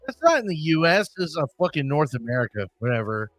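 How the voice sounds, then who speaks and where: A man's voice: a little high, sing-song, fast, a bit bright, faint music behind. A man hosting a podcast in casual chat, rambling with crude joking asides. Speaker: podcast host.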